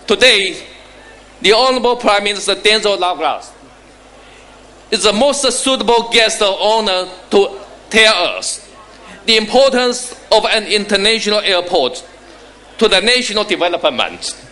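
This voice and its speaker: High, bright man reading a formal speech. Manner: measured, phrase-by-phrase delivery. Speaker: ambassador giving a speech.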